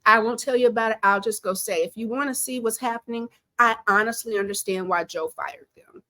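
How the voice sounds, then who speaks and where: A woman giving casual commentary from home, chatty, animated and opinionated. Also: fairly high pitch, fairly quick, dry recording. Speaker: pop-culture commentator.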